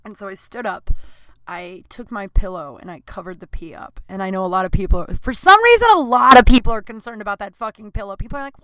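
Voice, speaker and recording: A woman's voice: medium pitch, brisk, fairly bright tone, no room sound. Profane, candid woman host with a dry sound. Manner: candid, profane, self-mocking, many fillers. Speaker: podcast host and comedian. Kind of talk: casual storytelling monologue. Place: small warm room. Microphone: computer recording.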